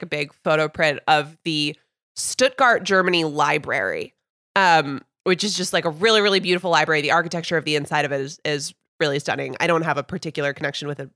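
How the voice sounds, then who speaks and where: A woman's voice: sits low, bright, forceful tone, dry recording, clean studio sound. A woman hosting a football podcast, telling rambling, chatty anecdotes and steering the talk. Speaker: podcast host. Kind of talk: casual sports chat.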